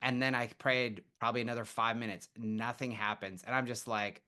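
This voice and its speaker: A man guest on a podcast, telling stories in a casual, animated way and acting out what people said. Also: medium pitch, moderate pace, few pauses. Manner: animated storyteller, acts out quotes. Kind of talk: casual storytelling interview.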